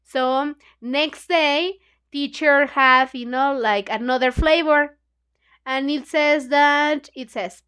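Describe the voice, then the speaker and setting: High-voiced woman slowly retelling a story. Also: fairly bright tone. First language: Spanish. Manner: retells the story loosely with many "you know, like" fillers. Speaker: book club host. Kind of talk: casual book club retelling.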